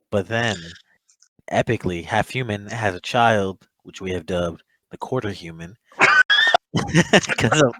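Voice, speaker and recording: A man's voice: on the low side, slow, long pauses, fairly bright tone, no room sound, rough recording. A young man chatting casually as a podcast co-host, rambling, swearing often and laughing a lot. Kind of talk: casual chat.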